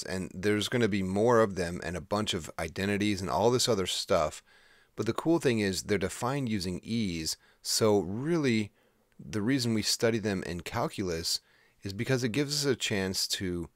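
Man, math teacher, deep voice, dry close sound, casual explaining. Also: dry recording. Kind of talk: recorded math lesson.

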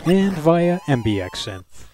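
A man's voice: on the high side, very animated, slow pace. A man hosting a retro computing channel, narrating a scripted review in a dry, wry, analytical way.

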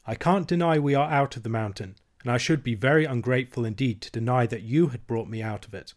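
A man's voice: mid-range voice, fast talker, natural voice. Man reading as a young miner boy, practical, polite, doubtful, storybook reading. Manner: plain, doubting, polite replies.

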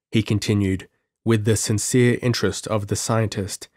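A man narrating an audiobook in a measured, dramatic storytelling manner. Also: lowish voice, steady tone, a little mellow, no echo, studio quality.

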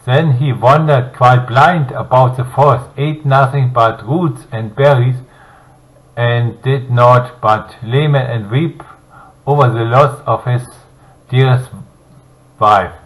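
A man reads a fairy tale aloud at an unhurried, deliberate pace. His delivery is halting, with frequent stumbles and restarts on words. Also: medium pitch, low-quality recording. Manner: slow, halting reading with restarts. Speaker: storyteller.

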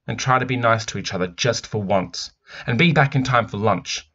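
A man's voice: medium pitch, moderate pace, sharp tone, husky, muffled recording. A man reading aloud, voicing an impatient mother who firmly sends her children outside. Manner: firm, scolding.

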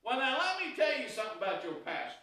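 High, bright-voiced pastor in an echoing church. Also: male voice, big pitch swings, fast. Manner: folksy storytelling with homespun anecdotes. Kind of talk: sermon. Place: church sanctuary. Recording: very echoey room, voice heard from a distance.

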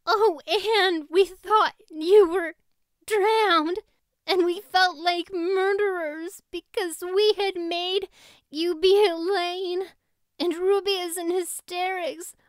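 A woman voicing a frantic teenage girl who gasps out her words loudly in tearful relief. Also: very high voice, steady tone, slow, dry recording, studio quality, voice pushed up. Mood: frantic, relieved. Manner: gasping, loud and tearful.

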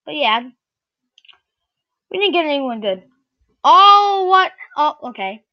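A woman's voice: high-pitched, big pitch swings, slow pace, muffled recording. A woman doing casual game commentary while opening card packs, swearing freely and shrieking whenever a good player shows up. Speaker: gaming video creator.

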